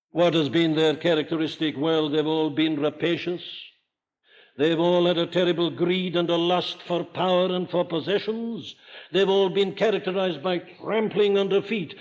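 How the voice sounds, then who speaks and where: An older man from Wales with a Welsh accent, preaching an emphatic sermon full of rhetorical questions. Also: high voice. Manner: emphatic, rhetorical questions, rising to forceful declarations. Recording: dull lo-fi archival sermon recording.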